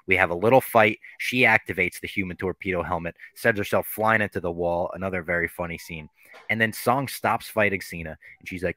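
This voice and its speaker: A man hosting a podcast, retelling a TV episode in a loose, animated, profane way. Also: sits low, fairly quick, no echo. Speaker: podcast host. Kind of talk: casual podcast recap.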